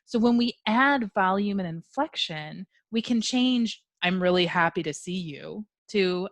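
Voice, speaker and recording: A woman's voice: medium pitch, animated, unhurried, few pauses, no room sound. Woman presenting a care webinar. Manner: explanatory, uses analogies and examples. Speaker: dementia care trainer.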